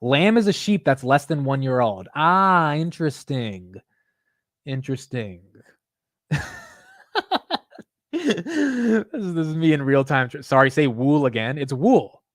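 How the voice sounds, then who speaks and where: A man's voice: on the high side, sing-song, slow pace, pauses often, no echo, studio quality. A young man hosting a casual stock market livestream, chatting loosely, swearing and laughing at himself while reading chat aloud.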